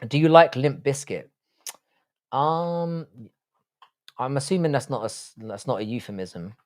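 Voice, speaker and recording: A man's voice: medium pitch, unhurried, a little mellow. A man hosting a casual live stream, reading chat aloud and answering in a blunt, profane way.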